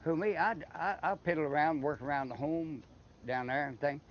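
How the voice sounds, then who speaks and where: An older man from Eastern Kentucky with an Appalachian accent, on the high side and at a moderate pace, tells long rambling stories as an interviewee, often restarting his words. The casual storytelling is slightly muffled, with faint background noise.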